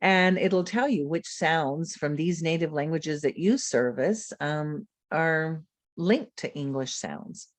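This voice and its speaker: A woman's voice: low-pitched, no echo. Woman lecturer modelling speech sounds. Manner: models speech sounds aloud, slow and deliberate. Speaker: literacy educator presenting a webinar. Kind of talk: webinar lecture. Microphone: video call.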